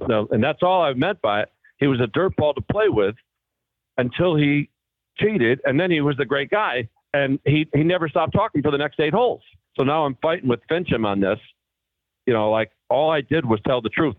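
A man tells long golf stories on a call, slipping into the voices of the people he quotes. His voice has a middle pitch and comes through a thin, phone-like line that sounds dry and close, with no room around it. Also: a little fast, no room sound. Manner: animated storyteller acting out quoted voices. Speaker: guest golfer. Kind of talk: casual storytelling.

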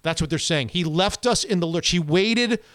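A man hosting a casual sports talk show, animated, with quick back-and-forth and frequent restarts. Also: high voice, no echo, clean studio sound. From Florida. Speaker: sports radio host.

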